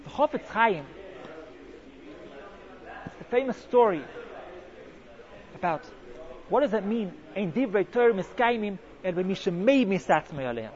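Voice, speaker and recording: A man giving an animated Torah talk full of Hebrew and Yiddish terms, telling a story and acting out its quotes. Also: high-pitched, measured pace, long pauses. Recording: dull lo-fi sound.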